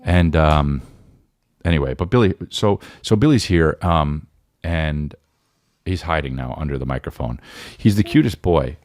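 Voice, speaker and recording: A man's voice: very deep voice, animated, a little slow, a little mellow, no echo, studio quality. A man in his forties hosting a casual solo podcast, rambling with lots of restarts and tag questions, his voice sore and worn. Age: 40s. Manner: rambling with many restarts and "right?". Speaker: podcast host.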